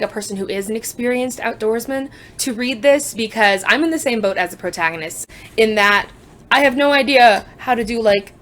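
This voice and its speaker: A woman's voice: fairly high pitch, fairly bright tone. A young woman chatting casually about books she has read, joking and sarcastic, with frequent asides. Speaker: book vlogger. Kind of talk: casual book review chat.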